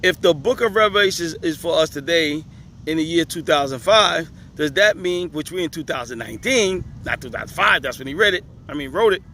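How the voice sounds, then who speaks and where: Emphatic man, on the higher side, reading and commenting outdoors with traffic behind; quick to laugh. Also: lively intonation, sharp tone. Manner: laughing, emphatic, talks back to the page. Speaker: religious commentator. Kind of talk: reading questions aloud with commentary. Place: outdoors on a hot day, traffic nearby.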